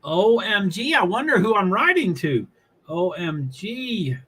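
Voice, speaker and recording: A chatty man from New England talks off the cuff on his livestream, wandering between thoughts and laughing often. His voice sits high for a man, with a bright, forward edge. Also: big pitch swings, a little slow, breathy edge, low-quality recording. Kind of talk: casual live commentary while watching a race.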